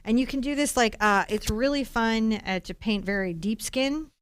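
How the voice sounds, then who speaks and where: A woman's voice: fairly high pitch, normal speed, clear, resonant tone. A middle-aged American woman hosting a live painting lesson, chatting animatedly with viewers as she works. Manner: chatty, animated, warm asides to chat viewers. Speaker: host and painting teacher.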